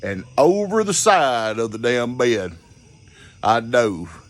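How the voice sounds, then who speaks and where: A man's voice: medium pitch, very animated, takes it slowly. Folksy man spinning a tale. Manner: rambling, profane, folksy. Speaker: storyteller. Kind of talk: casual spoken storytelling.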